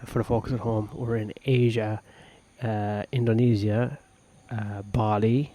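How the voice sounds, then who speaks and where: A man co-hosting a podcast in casual banter, goofy and deadpan, often dropping into a near whisper, recorded in a jungle hut. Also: on the low side, a little slow, few pauses, slight background noise. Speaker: podcast co-host. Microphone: wearing headphones.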